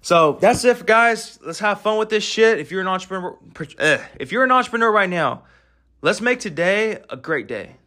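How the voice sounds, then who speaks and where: Young guy ranting about grinding, swears a ton, bright forceful voice, kinda high. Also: expressive, normal speed. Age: 20s. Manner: brash, profane and hyped, heavy filler talk. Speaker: podcast host. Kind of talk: casual motivational monologue.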